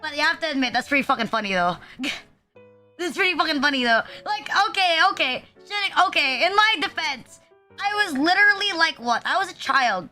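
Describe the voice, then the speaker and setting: Very high, bright woman streamer. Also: expressive, fairly quick, faint music behind. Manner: rambling storytelling, constant fillers, self-deprecating. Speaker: VTuber streamer. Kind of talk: casual chat stream.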